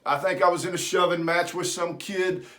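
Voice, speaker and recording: A man's voice: high voice, fairly even intonation, moderate pace, fairly bright tone. A middle-aged man, telling a personal story in a folksy, self-deprecating way. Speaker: vlogger.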